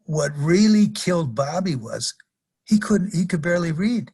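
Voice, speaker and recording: A man's voice: fairly high pitch, expressive, normal speed, creaky, dark tone, husky. An older man, a podcast guest, telling rambling anecdotes in a casual interview and chuckling at his own stories. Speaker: podcast guest, retired wrestler.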